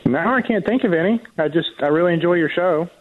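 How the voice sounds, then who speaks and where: A man calling in to a radio show, talking casually and haltingly. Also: high-pitched, animated, narrow, tinny audio, a little hiss or hum. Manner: hesitant, halting with fillers. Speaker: caller. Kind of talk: casual call-in chat.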